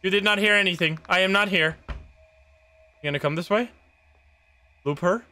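A man streaming a horror game live, reacting jumpily with excitable, swearing commentary. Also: high voice, normal speed, dry recording.

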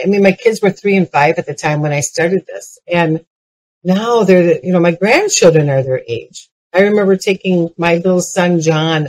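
Her voice is on the low side, and the audio is poor. She's an older woman giving a comedic storytelling keynote, telling lively personal anecdotes that build to punchlines, with frequent restarts.

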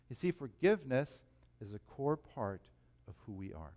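A pastor preaching a sermon in a church, talking in an animated, emphatic way. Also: male voice, mid-range voice, normal speed. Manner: animated, emphatic, rising to stress points.

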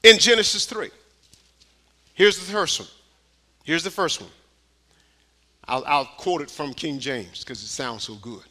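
Male pastor, high bright voice, sermon with hushed lows and shouted repeated questions, folksy phrasing. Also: lively intonation, a little slow, long pauses. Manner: preaching with swings from hushed to shouted calls. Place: church sanctuary.

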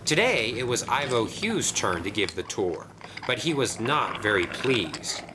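A man narrating a children's toy train story in an expressive storybook style. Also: medium pitch, measured pace, background noise. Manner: lively, expressive.

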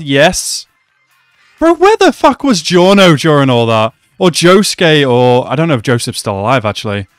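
A young man hosting an anime reaction video, swinging between excited outbursts and quiet, reflective musing. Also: medium pitch, clear, resonant tone, no room sound, clean studio sound. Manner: excitable, gasping and shouting, then reflective and subdued.

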